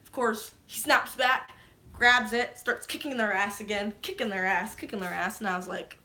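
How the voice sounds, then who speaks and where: Woman, vlogger, casual spoiler recap, excitable, profane, bright tone. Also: mid-range voice, moderate pace. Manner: excitable, swears freely, geeking out.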